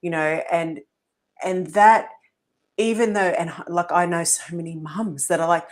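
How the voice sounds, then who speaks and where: A woman host with a fairly low voice asks long, earnest questions, circling and restarting as she builds her point. Her talk is casual and searching. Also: steady tone, moderate pace. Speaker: podcast host. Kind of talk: conversational podcast interview.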